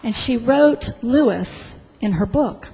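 A woman pastor preaching a sermon in a church sanctuary, telling a story slowly with deliberate pauses. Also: on the high side, animated, creaky, warm tone, slightly rough. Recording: long church reverb.

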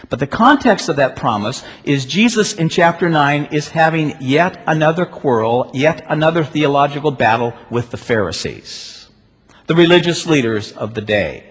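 Husky-voiced pastor preaching, rhetorical questions, loud then hushed, long church echo. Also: male voice, on the high side, animated, normal speed. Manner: rhetorical questions and swings from loud emphasis to quiet. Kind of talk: sermon.

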